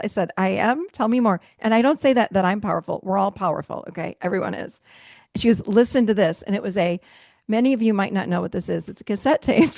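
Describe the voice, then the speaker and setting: A middle-aged woman leading a virtual workshop, telling stories in a casual, animated way and acting out what people said, with frequent laughs. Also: mid-range voice, gravelly, dry recording, studio quality. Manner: animated storytelling, acts out quotes with laughs. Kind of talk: casual talk to a group. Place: video call. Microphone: video call mic.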